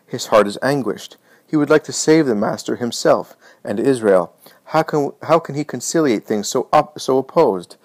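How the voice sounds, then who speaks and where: A man doing a sly, mock-gentle priest. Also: mid-range voice, animated, normal speed, dry recording, close to an everyday voice.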